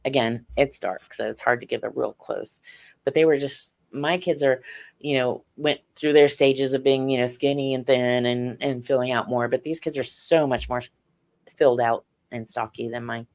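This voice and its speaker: A woman's voice: rumbling low, steady tone, normal speed, darkish tone. A middle-aged woman, a podcast guest, telling her experiences in earnest detail. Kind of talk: interview on a podcast.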